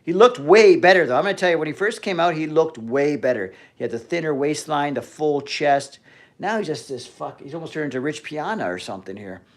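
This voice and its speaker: Casual livestream host, male, somewhat high voice, profane and rambly. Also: animated, a little fast. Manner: profane, rambling, trailing off mid-sentence.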